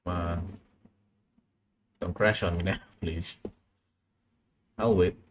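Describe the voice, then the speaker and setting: Young man, very low voice, casual streamer muttering to himself at the desk, faint hum and clicks behind. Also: steady tone, takes it slowly. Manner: muttering, thinking aloud while working. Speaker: streamer animating live. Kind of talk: casual live-stream commentary.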